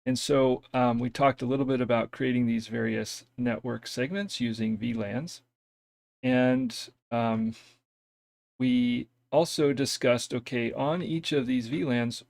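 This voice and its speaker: A man's voice: mid-range voice, unhurried, vocal fry, darkish tone, no echo. A man hosting a casual technical live stream from home, talking hesitantly with many fillers and self-deprecating asides. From US East Coast.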